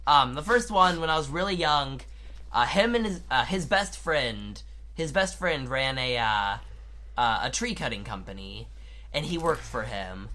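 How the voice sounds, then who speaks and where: A man's voice: mid-range voice, expressive, a little slow, bright, forceful tone. Twenty-something man telling rambling stories. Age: 20s. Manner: rambling storytelling with many restarts. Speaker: podcast co-host. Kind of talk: casual chat.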